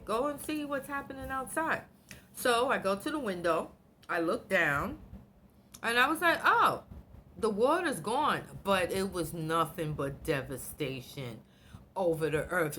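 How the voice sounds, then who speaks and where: Woman vlogger, middle-aged, animated storytelling, cursing, lowish bright voice. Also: slight background noise. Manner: animated, blunt, swears freely. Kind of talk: emotional storytelling.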